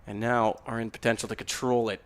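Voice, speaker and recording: A man's voice: medium pitch, little pitch movement, fairly quick, fairly bright tone, clear, resonant tone. A man doing live esports commentary, breaking into playful joking asides between the calls.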